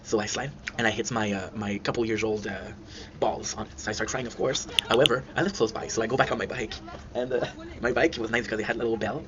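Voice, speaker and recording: Fast-talking man, laughing storyteller. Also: on the low side. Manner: rambling, laughs through his stories. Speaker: channel host. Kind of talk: casual storytelling. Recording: dull lo-fi sound with clear noise.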